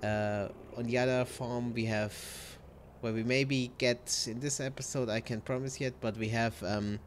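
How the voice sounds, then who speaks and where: A man's voice: medium pitch, steady tone, a little slow, slight background noise. A man giving casual gameplay commentary, rambling with many ums and uhs. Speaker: gameplay video host.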